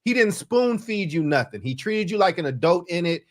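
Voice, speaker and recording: A man co-hosting a movie review podcast, talking in an animated, emphatic way with slang. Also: high voice, moderate pace. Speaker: podcast co-host. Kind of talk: casual movie review chat.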